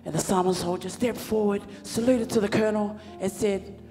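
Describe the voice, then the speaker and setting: A woman's voice: mid-range voice, brisk. A woman hosting a church service, telling a joke and giving announcements with playful banter to the audience. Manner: lively storyteller with audience banter. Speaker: church program emcee. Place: church hall. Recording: hall reverb, live church sound.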